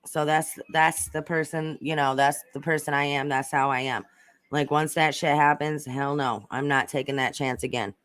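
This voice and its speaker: A woman's voice: sits low, steady tone, moderate pace, fairly bright tone, no echo. A woman hosting a casual livestream, chatting and reading viewer comments in a rambling way, swearing freely. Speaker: livestream host reading chat. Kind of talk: casual chat.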